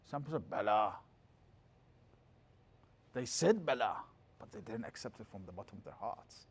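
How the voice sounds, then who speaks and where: A middle-aged man teaches religion in a classroom lecture, his mid-range voice slightly rough. He explains with energy and occasionally launches into quick chanted scriptural passages.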